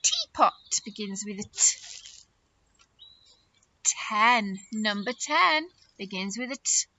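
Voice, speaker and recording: A woman teaching a phonics lesson to young nursery children, animated and sing-song, with gasps of surprise and slow, drawn-out words. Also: mid-range voice.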